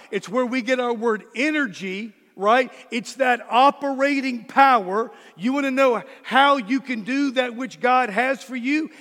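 High-voiced man preaching in a reverberant hall. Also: a bit bright. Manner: emphatic preaching, repeats key words. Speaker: pastor. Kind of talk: sermon.

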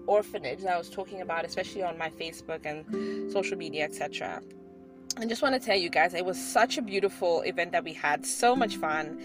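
A woman in her thirties telling a personal story to her viewers in a chatty way, laughing often and restarting her sentences. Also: mid-range voice. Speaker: vlogger. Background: background music.

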